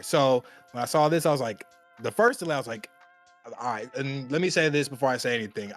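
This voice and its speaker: A man's voice: mid-range voice, fairly bright tone. Guy on a gaming podcast, rambly and emphatic, mid voice, faint music behind. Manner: rambling, emphatic, repeats phrases for effect. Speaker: podcast co-host. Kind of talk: casual gaming podcast chat.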